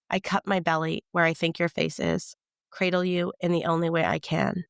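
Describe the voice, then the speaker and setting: Woman narrating her book in first person, gravelly voice, measured and tense, no room echo. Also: fairly low pitch, little pitch movement, clean studio sound. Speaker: author reading her novel.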